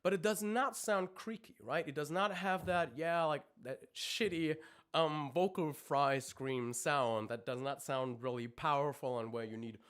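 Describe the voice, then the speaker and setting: The vocal coach speaks unhurriedly in a fairly high, slightly bright voice while explaining technique on a live stream. His explanations are dotted with ums and restarts, and he pauses to demonstrate screams.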